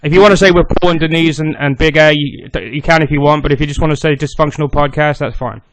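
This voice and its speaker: A man hosting a podcast in casual chat, eager and quick, swearing freely. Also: fairly high pitch, fairly even intonation, a bit bright, a little hiss or hum, rough recording. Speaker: podcast host.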